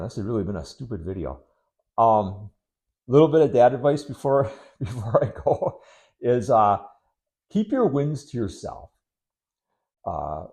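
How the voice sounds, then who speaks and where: A middle-aged man from Wisconsin rambling casually to camera, unhurried and full of ums, with sarcastic asides. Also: mid-range voice, gravelly, darkish tone. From Wisconsin, United States. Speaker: vlogger.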